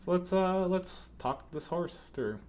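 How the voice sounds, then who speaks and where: A man's voice: high voice, measured pace, a little hiss or hum. A man hosting a live art critique stream, chatting casually with frequent hesitations and light jokes. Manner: relaxed, hesitant, jokey. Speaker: stream host.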